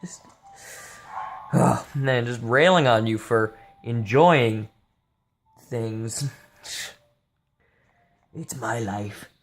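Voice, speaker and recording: A man's voice: mid-range voice, extremely slow, long pauses, a little hiss or hum. A young man giving casual, rambling and profane gameplay commentary, sleepy and joking as he plays. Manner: tired, rambling, jokey and profane. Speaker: gameplay streamer.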